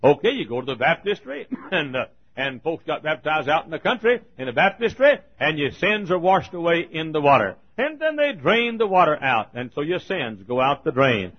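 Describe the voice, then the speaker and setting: A man preaching a fiery sermon as pastor, folksy and rising to thundering shouts. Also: fairly high pitch, sing-song, moderate pace. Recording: lo-fi recording.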